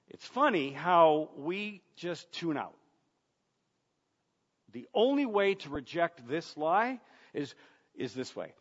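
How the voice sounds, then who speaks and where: A man preaching a sermon as pastor, earnest, asking rhetorical questions and repeating words as he goes. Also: a little high. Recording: dull sound, long reverb of a large room.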